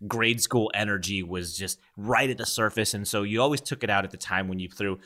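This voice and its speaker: A man co-hosting a casual podcast chat, telling animated stories with laughs. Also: fairly low pitch, fairly quick. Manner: animated storytelling with voices and laughs. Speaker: podcast co-host.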